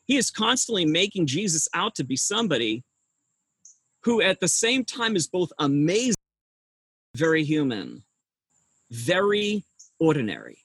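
A middle-aged male pastor preaches in a husky, somewhat high voice with a pressing, forceful edge. He tells the story with humor and keeps asking his listeners rhetorical questions. The sound is close and dry. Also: huge pitch swings, unhurried, pauses often, dry recording. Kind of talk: sermon.

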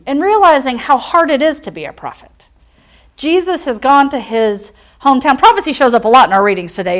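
A woman pastor giving a conversational sermon, telling stories and acting out quotes. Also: fairly high pitch. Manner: storytelling with asides and acted-out quotes.

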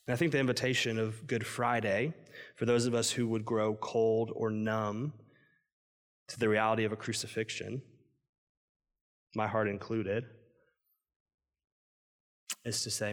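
A man's voice: lowish voice, level tone, unhurried, pauses often. A man preaching a sermon in a casual, conversational way, acting out inner voices and peppering his speech with "like". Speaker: pastor. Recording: long hall reverb.

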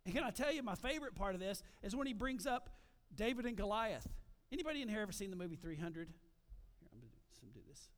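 A man preaching a sermon as pastor, animated, with frequent asides to the congregation. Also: high-pitched, fast talker.

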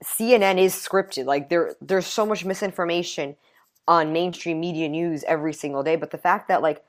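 A young woman with a New York accent, chatting on a podcast in an animated, indignant way, full of "like" fillers. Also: fairly low pitch, normal speed. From New York City. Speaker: podcast guest. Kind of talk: casual chat.

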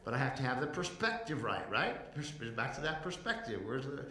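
A male pastor preaching a sermon, rising in intensity, slowing down to stress words and calling on the congregation to respond. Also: medium pitch, sing-song, pushed and bright, roomy sound. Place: church.

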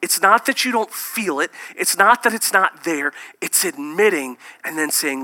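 Guy preaching, super bright voice, gets loud then drops to a whisper. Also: high voice, lively intonation, a little slow, few pauses. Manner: swings between loud emphasis and hushed near-whispers. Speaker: pastor. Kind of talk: sermon.

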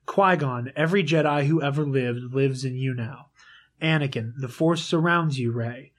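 A man talking in a casual group chat, animated and swearing freely as he retells stories and reads out lines. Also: medium pitch, normal speed. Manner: animated, swearing, quotes lines in dramatic voices.

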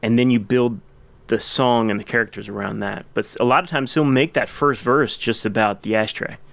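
A man hosts a casual podcast about music, talking eagerly at a middle pitch. He rambles a little and restarts his sentences as he goes. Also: normal speed, vocal fry, a bit bright, no echo. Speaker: podcast host.

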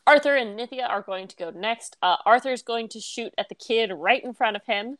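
A woman's voice: on the high side, moderate pace, hardly any pauses, fairly bright tone, no room sound. A woman narrating as game master of a tabletop game, casual and laughing often.

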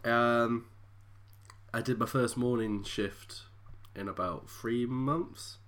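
A woman's voice: extremely low pitch, fairly even intonation, slow pace. A tired young woman co-hosting a podcast, chatting casually in a dry, rambling, self-mocking way. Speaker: podcast co-host. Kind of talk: casual chat.

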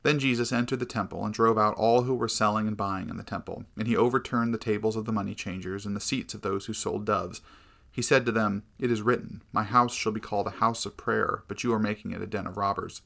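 A man giving a measured, earnest scripted narration of a Christian devotional book. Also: lowish voice, steady tone, creaky, fairly bright tone.

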